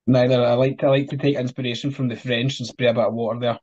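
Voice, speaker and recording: A man's voice: medium pitch, flat delivery, fast, a little mellow. Scottish man on a dull lo-fi mic. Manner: laid-back, short jokey answers. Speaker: podcast guest, wrestler. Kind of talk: casual chat.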